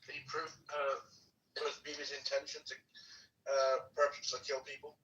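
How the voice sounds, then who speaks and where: A man's voice: fairly high pitch, completely flat delivery, normal speed, a bit bright, dull audio. A man hosting and moderating a live debate, pressing his points insistently and often repeating words. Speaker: host and moderator. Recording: echoey and distant with faint background noise.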